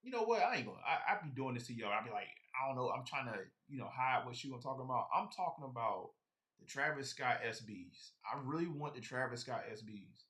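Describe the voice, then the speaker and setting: A man's voice: medium pitch, sing-song, quick pace, a bit bright. A man chatting casually on a live stream about his sneaker collection, rambling and talking straight to his viewers.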